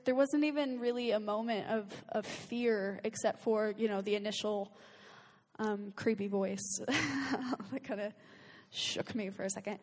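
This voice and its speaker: Speaking a little slowly at a medium pitch, this woman sounds like she's in a large hall. As a guest, she earnestly tells her own story in casual spoken testimony, with plenty of fillers and laughing bursts.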